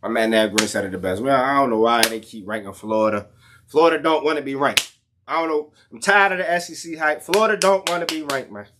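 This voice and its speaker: A man's voice: mid-range voice, fast talker, noisy background. A young man talking casually and ranting about college football in loose slang, his voice jumping up in heated outbursts. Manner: animated, slangy, rants with rising outbursts. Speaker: sports commentator vlogger. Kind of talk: casual sports rant.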